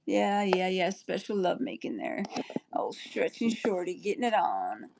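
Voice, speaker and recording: A woman's voice: medium pitch, expressive, a little slow, gravelly, darkish tone. A woman livestreaming an angry, rambling rant, full of profanity.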